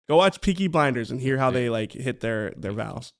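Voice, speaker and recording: A man with a mid-pitched voice co-hosts a casual sports podcast. He teases his partner playfully and often breaks into laughter. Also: expressive, moderate pace. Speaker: podcast co-host.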